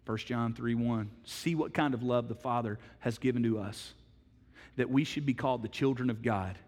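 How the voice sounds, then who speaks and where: A man's voice: medium pitch, moderate pace. Emphatic preacher man in a reverberant hall. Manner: storytelling, swings from hushed to loud and emphatic. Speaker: pastor. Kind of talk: sermon.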